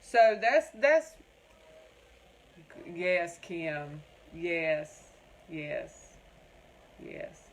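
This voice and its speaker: A woman from North Carolina with a Southern American accent hosts a craft livestream, chatting folksily and answering viewer comments by name. Her voice is lowish and sing-song, with drawn-out words and long pauses, and the recording is rough.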